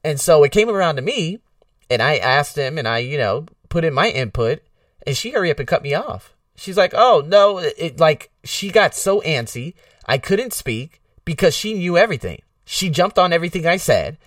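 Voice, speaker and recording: A man's voice: on the high side, moderate pace, dry recording, studio quality, recorded from a distance. A man from the United States, a podcast host, talking in a casual, rambling way with lots of fillers. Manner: rambling, filler-heavy, animated.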